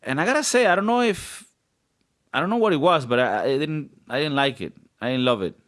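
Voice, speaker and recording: A man's voice: a little high, expressive, fairly quick, fairly bright tone. Rambling, joking young man. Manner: rambling, joking, swears a lot. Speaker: podcast co-host. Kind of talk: casual banter.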